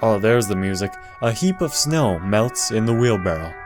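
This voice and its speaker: A man's voice: on the low side, lively intonation, normal speed, over music. A man casually commenting on a video game walkthrough, reading the game's text aloud and adding dry jokes.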